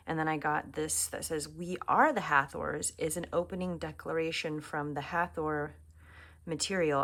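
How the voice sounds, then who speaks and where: A woman giving a casual tarot reading to camera at home, chatting and musing aloud and often dropping to a soft near-whisper. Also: low-pitched, vocal fry. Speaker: tarot reader. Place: home room.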